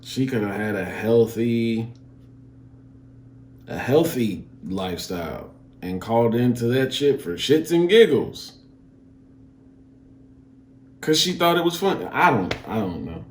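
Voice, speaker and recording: A man's voice: medium pitch, animated, takes it slowly, pauses often, echoey room, a little hiss or hum. A man streaming a reaction video, talking in a laid-back, casual drawl.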